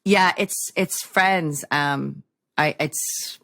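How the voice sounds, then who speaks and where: Low-voiced, chatty woman guest. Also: drawn-out words, gravelly, fairly bright tone, no room sound, clean studio sound. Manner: chatty, self-deprecating storyteller. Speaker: guest actor. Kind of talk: casual podcast chat.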